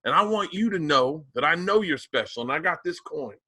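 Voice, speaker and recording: A man voicing an earnest old Southern man with a Southern US accent, who talks in halting, drawn-out bursts. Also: on the high side, animated, sharp tone, pitched above the performer's own voice.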